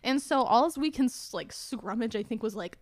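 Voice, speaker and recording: Young woman, fairly high voice, casual storytelling, animated quoting. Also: moderate pace. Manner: animated, quotes people in lively voices.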